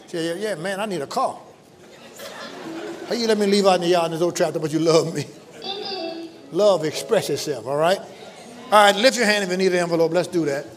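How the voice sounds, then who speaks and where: A man preaching a sermon to his congregation, leading call-and-response lines and breaking into shouts, with folksy, joking asides. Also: a little high, big-room sound, slight background noise. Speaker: pastor. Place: church sanctuary.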